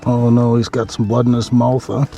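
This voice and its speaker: A man narrating a fishing vlog from an ice fishing shelter. He murmurs softly to the fish and breaks into excited exclamations. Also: mid-range voice, normal speed, vocal fry, faint music behind. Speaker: fishing vlogger.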